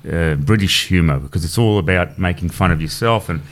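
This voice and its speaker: A man's voice: deep voice, a little fast. A man, co-hosting a podcast in laid-back, jokey chat. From Australia. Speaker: podcast co-host.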